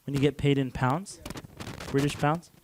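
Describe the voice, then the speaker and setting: A man's voice: medium pitch, fairly even intonation, normal speed, heavy background noise. A man from Canada giving a casual lecture to a class, talking loosely with lots of "like" and restarts and chuckling often.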